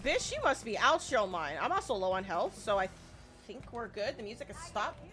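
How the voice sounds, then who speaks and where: A woman doing let's play commentary, excitable, panicking and swearing, often repeating herself. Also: a little high, moderate pace, soft background music. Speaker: gaming YouTuber.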